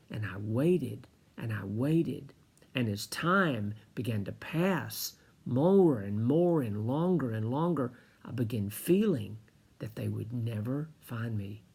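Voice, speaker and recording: A man from the United States telling a personal story slowly and with feeling, often dropping to a whisper. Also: mid-range voice, darkish tone, slightly rough.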